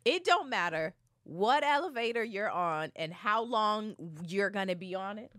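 A woman's voice: mid-range voice, lively intonation, unhurried, fairly bright tone, no echo. Woman cohost, mid voice, storytelling, dry humor, dead dry room. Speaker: podcast co-host. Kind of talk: casual chat.

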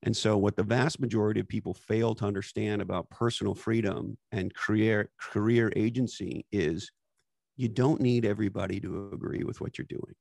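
A man's voice: lowish voice, steady tone, normal speed, creaky, darkish tone, no echo, clean studio sound. A man hosting a podcast conversation, talking emphatically and bluntly with casual swearing and catchphrases. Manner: emphatic, profane, uses catchphrases. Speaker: podcast host.

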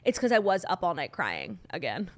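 A woman co-hosting a podcast in casual chat, gushing and full of "like" fillers, her voice a little hoarse. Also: fairly low pitch, wildly swooping pitch, normal speed. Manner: chatty, gushing, lots of "like" fillers. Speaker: podcast co-host.

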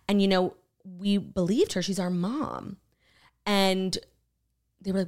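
A woman with a fairly low voice speaks a little fast while co-hosting a podcast about a true crime documentary. She's casual and animated, swears freely, and acts out what people said.

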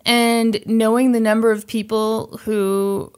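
A woman's voice: a little high, level tone, slow, smooth. A woman co-hosting a casual true-crime podcast, chatty and self-deprecating, often breaking into laughs. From Midwest of the United States. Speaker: podcast co-host.

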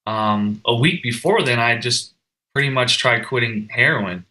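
Earnest man with a very bright voice. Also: mid-range voice, unhurried, low-quality recording. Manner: earnest, emotional storytelling with restarts. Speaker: guest, firefighter. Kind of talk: personal story in a podcast conversation.

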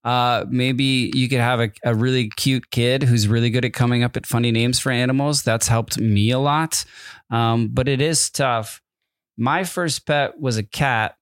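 A man talks through a laid-back podcast segment with wry, amused asides, trailing off and restarting his thoughts. His voice sits at an ordinary middle pitch. The sound is close and dry, with no room around it. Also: fairly even intonation, a little slow, smooth, no echo. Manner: rambling, hesitant, many fillers and restarts. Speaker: podcast co-host. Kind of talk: casual chat.

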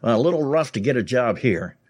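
A man from New York City hosting a casual interview in a relaxed, easygoing way. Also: mid-range voice, brisk. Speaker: host, radio interviewer.

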